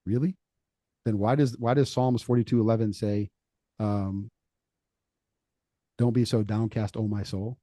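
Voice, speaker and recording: A middle-aged man talks casually about faith, telling stories and acting out the people he quotes. His voice sits low and mellow, and the recording is dry and close with no room sound. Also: no echo. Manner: animated storytelling, acts out quoted voices. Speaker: podcast co-host.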